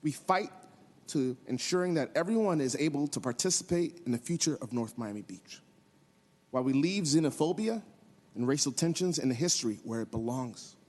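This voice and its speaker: A city commissioner giving an earnest acceptance speech at a swearing-in ceremony, halting now and then with fillers and restarts. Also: male voice, mid-range voice, expressive, darkish tone, in a large hall. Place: city hall chamber.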